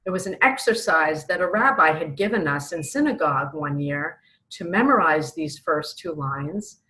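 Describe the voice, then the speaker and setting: A woman's voice: sits low, expressive, normal speed, sharp tone, low-quality recording. A middle-aged woman from New York, earnestly telling a personal faith story as an author and acting out her own pleas. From Brooklyn, New York. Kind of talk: personal testimony.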